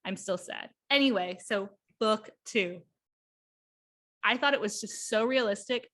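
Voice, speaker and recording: A woman co-hosting a podcast, chatting about a book in an excited, rambling way with quick bursts. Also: medium pitch. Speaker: podcast co-host. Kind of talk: casual book chat.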